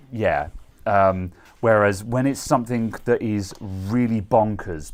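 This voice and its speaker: Deep-voiced man, rambling casual chat. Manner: rambling, laughs often, many fillers. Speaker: co-host.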